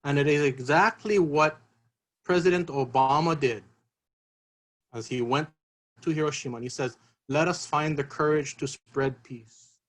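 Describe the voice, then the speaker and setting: A man's voice: fairly high pitch, unhurried, long pauses, rough recording. A man giving an earnest, emotional talk at a seminar. He repeats his key phrases as he speaks. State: emotional, voice catching.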